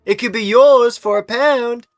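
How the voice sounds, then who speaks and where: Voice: mid-range voice, a little slow, faint music behind, voice pushed up, lightly acted. A player doing a cocky street urchin, clumsy Cockney. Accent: clumsy put-on Cockney. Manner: brash, swaggering "oi bruv" slang. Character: cheeky street boy selling papers, surly.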